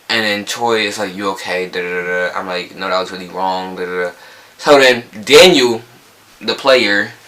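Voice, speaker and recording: A man's voice: lowish voice, bright, forceful tone, low-quality recording. A young man from New Jersey with a local accent, telling a rambling storytime vlog full of quoted dialogue. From Newark, New Jersey. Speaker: vlogger. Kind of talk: casual storytime.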